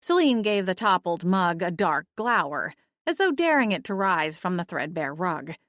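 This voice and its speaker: A woman reading first-person audiobook narration in a steady storytelling manner. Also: fairly low pitch, moderate pace, no echo, studio quality.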